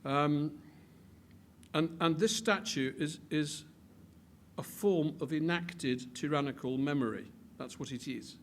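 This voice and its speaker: Animated man giving a public talk. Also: a little high, takes it slowly, slight background noise. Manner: animated, builds to emphatic peaks; restarts and repeats words. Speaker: speaker.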